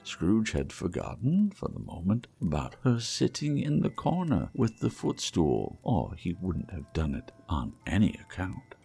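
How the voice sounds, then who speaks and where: A deep, gravelly male narrator reading a classic tale at an unhurried pace. His delivery swings widely in pitch and dips into hushed asides, with faint music underneath. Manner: expressive, shifting to hushed asides. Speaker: audiobook narrator. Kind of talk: storybook reading.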